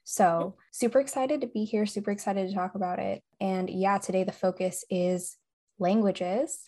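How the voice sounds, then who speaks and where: A woman's voice: mid-range voice, steady tone, normal speed, dark tone. A young woman co-hosting a podcast, chatting casually with enthusiasm and frequent laughter. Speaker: podcast co-host. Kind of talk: casual chat.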